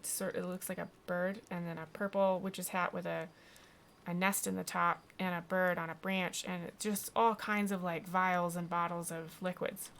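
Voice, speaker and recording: A woman streaming a video game, rambling casually and pausing on frequent ums. Her voice is gravelly and on the low side, with a faint hiss in the background. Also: level tone, a bit bright. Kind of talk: casual gameplay commentary.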